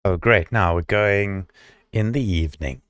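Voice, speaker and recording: A man doing gaming commentary, sarcastic and swearing, reading game text aloud haltingly. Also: low-pitched, fairly bright tone, dry recording, clean studio sound. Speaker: let's play host. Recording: game music behind.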